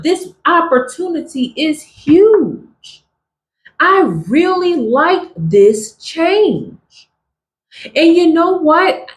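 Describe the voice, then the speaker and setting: A woman's voice: on the high side, roomy sound. A woman giving an emphatic spiritual tarot reading to her viewers. She keeps repeating catchphrases to them. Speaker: tarot reader.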